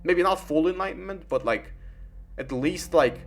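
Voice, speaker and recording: A man's voice: a little high, animated, moderate pace, faint music behind. Rambling, swearing young man. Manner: rambling, heavy fillers and swearing. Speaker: gaming commentator. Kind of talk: casual explainer commentary.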